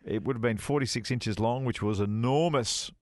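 On a casual radio chat show, a middle-aged co-host who used to be a touring golf pro tells an animated story, slipping into other people's voices to quote them. His ordinary-pitched voice comes at a moderate pace, dry and close with no room sound.

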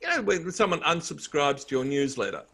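A man's voice: a little high, very animated, brisk, vocal fry, bright, forceful tone. Upbeat Australian man telling stories. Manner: upbeat, anecdotal storyteller. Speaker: guest, author and speaker. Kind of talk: conversational interview.

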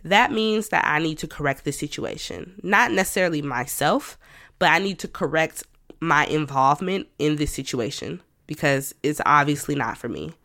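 A woman's voice: low voice, moderate pace, fairly bright tone, dry recording, clean studio sound. A woman hosting her own podcast, talking candidly and conversationally about herself, with self-talk asides and light laughs. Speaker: podcast host. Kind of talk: personal reflective monologue.

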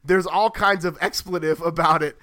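A man co-hosting a podcast in casual chat, rambling and correcting himself as he thinks out loud. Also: a little high, steady tone, normal speed, no room sound. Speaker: podcast co-host.

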